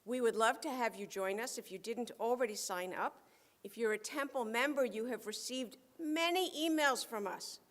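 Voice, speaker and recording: A woman leading a holiday service in a casual, excitable and exclamatory way. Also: on the high side, normal speed. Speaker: service leader.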